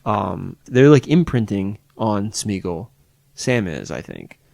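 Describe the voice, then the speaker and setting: Man, podcast co-host, lowish voice, rambling and self-correcting, dry close mic. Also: sing-song, slow, vocal fry, a little mellow, no room sound. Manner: rambling, searching for words with many restarts. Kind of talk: casual chat.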